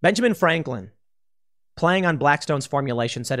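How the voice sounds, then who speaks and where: A man delivering a political commentary monologue with a slightly raised pitch. He argues bluntly and casually, now and then slipping into mocking voices to make his point. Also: animated, moderate pace, a bit bright. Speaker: host.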